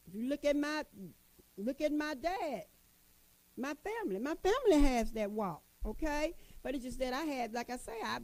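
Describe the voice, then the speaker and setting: A middle-aged woman gives a motivational talk with a high-pitched but mellow voice. She is folksy and emphatic, circling back to the same phrases and calling her listeners honey. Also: low-quality recording. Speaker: motivational speaker addressing women.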